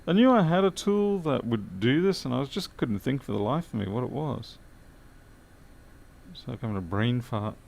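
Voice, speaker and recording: A man's voice: medium pitch, animated, normal speed, creaky, darkish tone, a little hiss or hum. A tired man streaming a late-night electronics repair, muttering as he works and answering live chat with dry, self-deprecating remarks.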